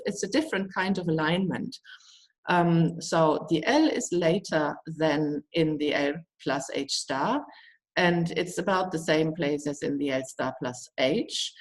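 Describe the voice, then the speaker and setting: A woman's voice: sits low, low-quality recording. A woman giving an academic lecture, explaining step by step with many fillers and restarts. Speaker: guest lecturer.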